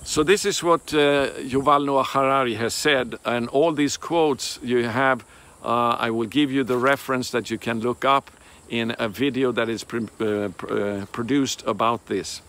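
Man, Bible teacher, unhurried measured delivery, mid pitch, earnest emphasis, faint outdoor insects behind. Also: fairly bright tone. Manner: slow, deliberate, emphatic, with frequent hesitations.

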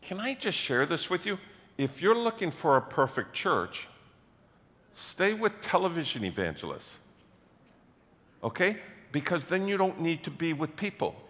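Male pastor, bright forceful delivery, story-driven sermon in a reverberant church hall. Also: on the high side, a little slow. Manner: storytelling, acts out quoted voices, builds to loud animated passages. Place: church sanctuary.

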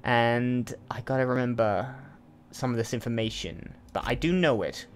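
A man's voice: mid-range voice, normal speed. A man hosting a let's play, giving chatty, casual commentary and thinking aloud with asides as he plays.

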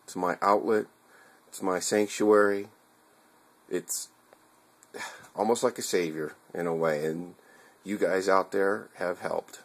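A man's voice: low-pitched, fairly even intonation, slow, pauses often. A man talking straight to his viewers in a casual, heartfelt vlog, rambling and earnest, with casual swearing and restarts. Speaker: video blogger.

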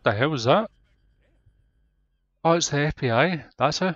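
Loud, excitable, swearing gamer man. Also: a little high, measured pace, pauses often, a little hiss or hum. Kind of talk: let's-play commentary.

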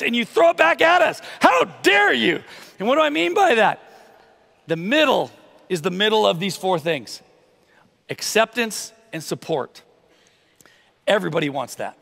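Man, pastor, high voice, sermon, reverberant church hall. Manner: animated, punchy rhetorical questions. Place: church sanctuary.

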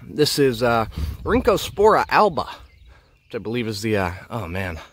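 An enthusiastic man guides a walking plant tour through a bog, talking into the handheld camera he is filming with. He rambles and stops to marvel at each find, at a middling pitch. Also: very animated, normal speed, fairly bright tone, no room sound. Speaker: nature vlogger. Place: outdoors in a peat bog.

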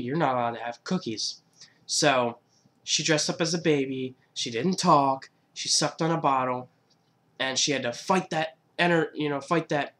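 A man's voice: medium pitch, fairly bright tone. A man in his twenties talking casually in a countdown vlog, loose and joking, with swearing and laughs at himself. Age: 20s. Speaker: YouTuber.

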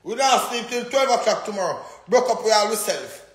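Rowdy high-voiced man. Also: expressive, brisk, echoey room. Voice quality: rowdy, profane, boastful, laughs often. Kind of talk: casual live-stream banter.

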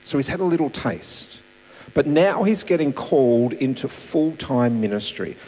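A man preaching a sermon as pastor, animated, with loud emphasis and soft asides. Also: medium pitch, normal speed. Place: church hall. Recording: reverberant church hall.

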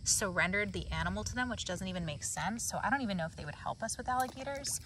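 A woman's voice: medium pitch, expressive, fairly bright tone, slight background noise. Woman co-host, talkative run-on delivery, outdoors, distant mic with faint ambience. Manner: talkative, quick run-on storytelling. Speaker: sanctuary co-host. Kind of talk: casual vlog chat. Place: outdoors at an animal sanctuary.

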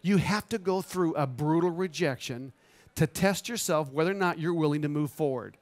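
A man in his fifties, a photographer giving an animated, motivational storytelling talk on a trade show stage. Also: a little high, normal speed. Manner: animated, acts out quoted dialogue.

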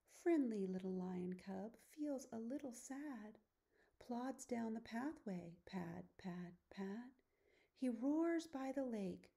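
Slow, soft-spoken woman storyteller. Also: medium pitch, creaky. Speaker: teacher reading aloud. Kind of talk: children's picture-book read-aloud.

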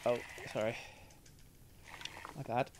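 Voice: slow, background noise. A gaming streamer with a British accent, giving sweary, jumpy, chatty commentary over a game. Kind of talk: let's play commentary.

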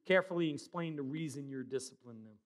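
A middle-aged man preaching a sermon as pastor, loud and emphatic with quieter asides. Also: on the high side, animated, quick pace.

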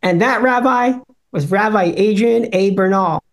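A young man from a congregation telling a casual, slangy story and acting out the voices of the people he quotes. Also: measured pace. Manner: slangy, acts out quoted voices with big pitch jumps. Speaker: congregation member. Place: congregation bible study room.

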